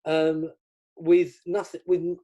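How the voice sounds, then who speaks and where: A middle-aged British magician chats casually as a guest in an interview, acting out the dialogue in his stories. His voice is on the high side yet monotone and dark in tone, and he speaks slowly.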